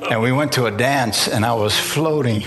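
A man's voice: medium pitch, normal speed, music in the background. A man preaching to a congregation, telling his own story and acting out other people's voices, often asking for an amen. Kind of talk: testimony sermon. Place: church in front of a congregation.

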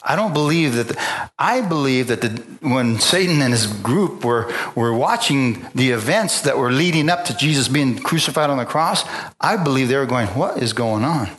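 A man's voice: mid-range voice, lively intonation, moderate pace, a bit bright. A man preaching a sermon, retelling the story in a loose, conversational way, acting out the dialogue and often stopping to restart his sentences. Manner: casual retelling with acted-out dialogue. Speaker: pastor.

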